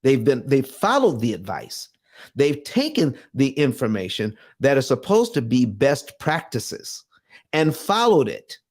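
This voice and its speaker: A man's voice: mid-range voice, wildly swooping pitch, a little slow. Earnest man hosting a money livestream. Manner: emphatic and earnest, with frequent restarts and repeated phrases. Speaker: host of a personal finance livestream. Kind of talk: motivational livestream talk. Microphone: webcam or desk mic, speaking to camera.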